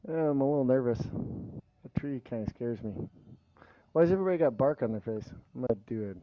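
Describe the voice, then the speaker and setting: A man's voice: mid-range voice, lively intonation, a little fast, no echo, dull audio. A man playing his character in a tabletop game, speaking casually and offhand. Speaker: player.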